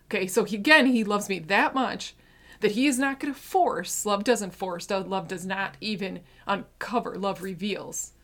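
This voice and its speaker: A woman in her thirties giving a heartfelt personal faith testimony, earnest, swinging between hushed and intense. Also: mid-range voice, normal speed. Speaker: Christian speaker sharing testimony.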